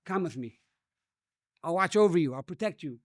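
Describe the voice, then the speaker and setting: A man's voice: a little high, animated, normal speed, natural voice. A man voicing a friendly young soldier who promises to protect a boy. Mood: reassuring.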